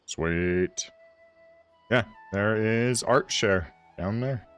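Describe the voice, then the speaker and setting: A man's voice: fairly low pitch, drawn-out words, fairly bright tone, soft background music. A man streaming a game, chatting casually and rambling with his viewers. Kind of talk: casual livestream chat.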